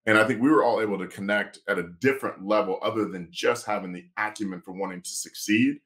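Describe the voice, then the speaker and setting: Lively storytelling man, low voice. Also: quick pace. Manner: animated storyteller, acts out quoted dialogue. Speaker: sports agent and lawyer. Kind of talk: casual podcast storytelling.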